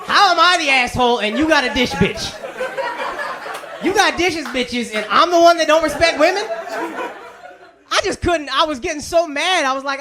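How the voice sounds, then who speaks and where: A man's voice: very high voice, normal speed, pauses often. A man doing a brash, profane stand-up set with crowd work, in his thirties. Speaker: stand-up comedian. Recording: live club set, audience laughter. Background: crowd laughter.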